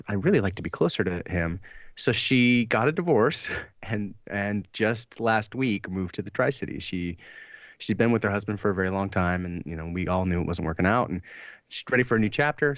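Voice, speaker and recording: A man on a podcast spins a story in casual chat, lowish voice leaping up and down in pitch. He swears freely, laughs often and acts out what others said. The sound is dry and a bit muffled. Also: fairly bright tone, no room sound. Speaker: podcast co-host. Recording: dry, slightly dull mic sound.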